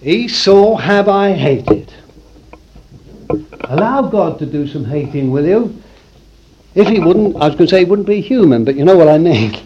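A man preaching a sermon to a congregation in a room, swinging from loud declarations to hushed asides. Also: a little high, animated, brisk, lo-fi sound, background noise.

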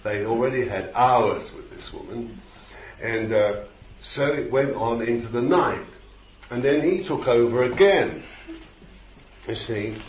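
A man's voice: medium pitch, a little slow. Man preaching in an old, roomy recording. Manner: rambling, repeats words, rises to shouts. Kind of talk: sermon. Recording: roomy, dull, slightly noisy old recording.

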